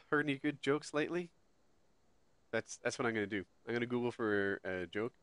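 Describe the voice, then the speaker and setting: A man's voice: mid-range voice, expressive, normal speed, a bit bright, clear, resonant tone, no echo. A man hosting a streamed podcast, chatting casually and laughing easily while fixing tech problems. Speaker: podcast host.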